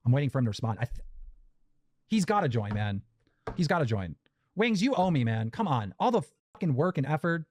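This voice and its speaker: A man's voice: medium pitch, sing-song, a little fast, long pauses, a little mellow. A man hosting a podcast livestream, ranting in an exasperated, heated way. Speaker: podcast host.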